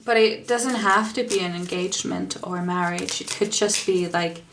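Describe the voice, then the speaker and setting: A young woman giving a gentle, giggly tarot reading to camera, with lots of fillers and small laughs. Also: lowish voice, normal speed, a little hiss or hum. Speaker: tarot reader.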